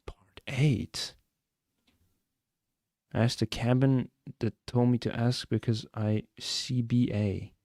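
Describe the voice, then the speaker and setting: A man's voice: mid-range voice, steady tone, unhurried, few pauses, mellow, no echo, studio quality. A young man streaming a mystery game live, chatting and joking with his viewers as he plays. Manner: chatty, joking, answers chat.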